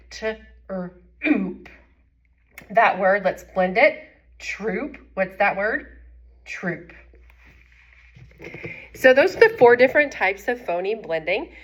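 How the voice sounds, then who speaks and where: A woman's voice: mid-range voice, lively intonation, slow, pauses often, rough recording. A woman teacher giving a phonics demonstration, carefully sounding out each phoneme before blending words. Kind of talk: instructional demonstration. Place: classroom or home, recorded on camera.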